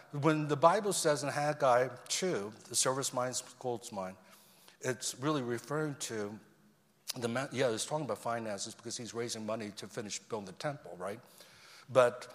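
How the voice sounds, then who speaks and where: A man preaching a sermon as a guest speaker, swinging between loud emphasis and quiet asides. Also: medium pitch. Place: church sanctuary. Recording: long reverb of a large hall.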